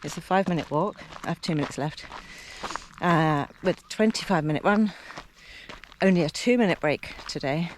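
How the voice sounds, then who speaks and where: A woman's voice: fairly low pitch, normal speed, a little hiss or hum. A woman in her fifties, chatty and casual, vlogging outdoors by a lake and talking to a handheld camera while out on a training run, at times out of breath. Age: 50s. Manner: chatty, talks between breaths while running. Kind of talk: casual vlog while out running. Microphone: handheld camera while running.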